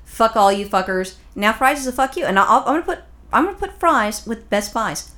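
A woman co-hosting a podcast who talks fast and cracks jokes. Her delivery is blunt and profane, and she stays in casual banter with her partner. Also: on the high side, lively intonation, bright, forceful tone. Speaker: podcast co-host. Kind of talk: casual chat.

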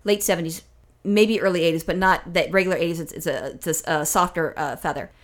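A woman's voice: fairly low pitch, fast. A woman co-hosting a comedy podcast, telling a rambling story and swearing freely.

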